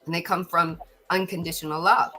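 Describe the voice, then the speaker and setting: A woman's voice: lowish voice, steady tone, brisk, sharp tone, soft background music. A middle-aged woman hosting a podcast, giving an earnest spiritual talk and often repeating words as she gathers her thoughts. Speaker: podcast host.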